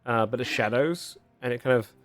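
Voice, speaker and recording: A man's voice: mid-range voice, no room sound, faint music behind. Brief: male game master, mid-range voice, loose descriptive narration, dry close sound. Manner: descriptive, unhurried scene narration with "kind of" and "like".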